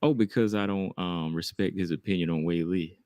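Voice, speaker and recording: A man's voice: sits low, brisk, a little mellow, dry recording. A man who streams, a guest on a podcast, teasing the others in dry, casual banter.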